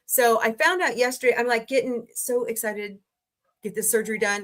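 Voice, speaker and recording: A woman hosting a casual livestream, greeting viewers by name and listing her channels, tired and low on energy today. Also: normal speed. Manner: chatty, greets viewers by name, rattles off lists. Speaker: livestream host.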